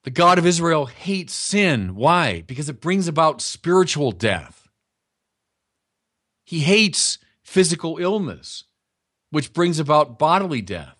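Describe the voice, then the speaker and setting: A man's voice: on the high side, big pitch swings, slow pace, fairly bright tone. Guy preaching a sermon, chatty but emphatic, voice swings up and down a lot. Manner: conversational, emphatic teaching with direct appeals to listeners.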